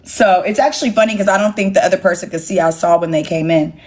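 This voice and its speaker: A woman's voice: lowish voice, quick pace, a little mellow. A young woman hosting a phone livestream, talking bluntly and with plenty of swearing straight to her chat. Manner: blunt, profane, sassy, talks straight to chat. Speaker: livestream host. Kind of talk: casual livestream rant to viewers.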